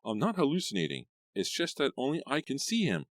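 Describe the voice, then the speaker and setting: A man's voice: huge pitch swings, fairly quick, dry recording, clean studio sound. A man voicing a desperate, anxious teenage girl in an audiobook, pleading in a raised voice. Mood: angry. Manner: pleading, rising to high pitch.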